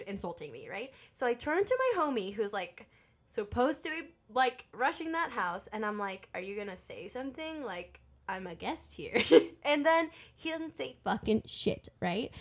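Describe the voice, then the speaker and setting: Young woman co-host, expressive, slightly higher bright voice. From Mexican heritage. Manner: laughs often, expressive storyteller. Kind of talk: casual storytelling chat.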